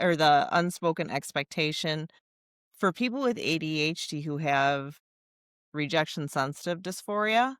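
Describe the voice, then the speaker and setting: Smooth-voiced woman podcast host. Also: sits low, fairly bright tone, dry recording, studio quality. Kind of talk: interview questions, conversational.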